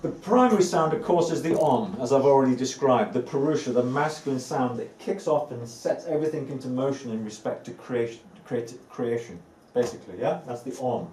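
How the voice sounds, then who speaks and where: A man with a mellow, warm voice giving a spiritual talk to a live group, earnest and repeating key words for weight. He is picked up from a distance in an echoey room. A faint hum of ambient noise sits underneath. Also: mid-range voice, brisk, hardly any pauses. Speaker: spiritual teacher. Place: indoor room with a live audience.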